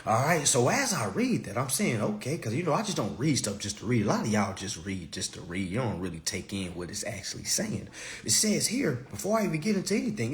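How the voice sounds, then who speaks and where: Man, high voice, swings wildly up and down, preachy, mocking, punchy outbursts. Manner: preachy, mocking, emphatic with sudden loud jabs. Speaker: consumer-credit commentator. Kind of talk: animated monologue to viewers.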